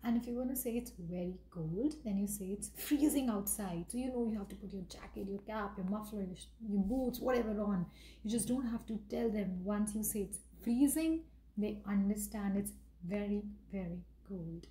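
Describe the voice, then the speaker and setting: Woman, vocabulary teacher, mellow dark tone, roomy echo, faint background hum. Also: mid-range voice, moderate pace. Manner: explanatory, repeats examples, mixes in Hindi phrases. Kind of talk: casual online vocabulary lesson.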